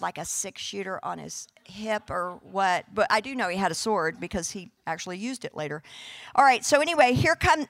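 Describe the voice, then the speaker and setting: A woman preaching a sermon, telling a Bible story with lively, casual storytelling and playfully acting out the characters in modern speech. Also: fairly high pitch, dry recording, clean studio sound.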